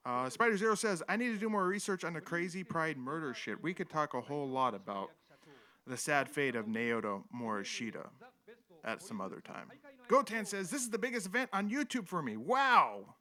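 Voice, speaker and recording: The live-stream host here is a man whose fairly high voice is pushed and bright, moving briskly with big pitch swings. Chuckling often, he rambles irreverently through old footage and reads chat aloud.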